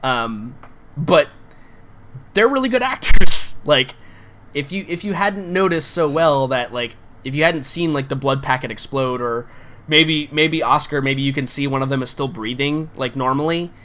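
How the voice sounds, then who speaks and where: A man's voice: on the high side, moderate pace, a bit bright. A man running a tabletop game as game master, narrating in a loose, casual way with many fillers.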